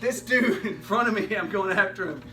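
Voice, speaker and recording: A man from Richmond, Virginia, a stand-up comedian telling a comedy anecdote in casual chat, animated and profane, laughing through his story. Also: sits high, brisk. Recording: voice far from the mic with steady noise.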